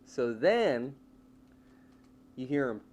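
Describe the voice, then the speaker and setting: A man co-hosting a casual comedy podcast, telling a story in an animated way and acting out the voices. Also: medium pitch, drawn-out words, slight background noise. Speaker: podcast co-host.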